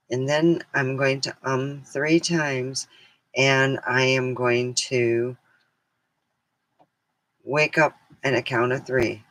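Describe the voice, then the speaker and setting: A woman vlogging in a rambling, hesitant way, losing her train of thought, then leading a slow guided meditation. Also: a bass voice, a bit bright, poor audio. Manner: soothing, slow guided relaxation. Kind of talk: casual chat and guided meditation.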